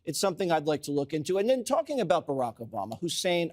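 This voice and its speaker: A man's voice: high voice, very animated, fairly quick, few pauses, darkish tone. A man on a TV panel, giving opinionated commentary through pointed rhetorical questions. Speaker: panel guest.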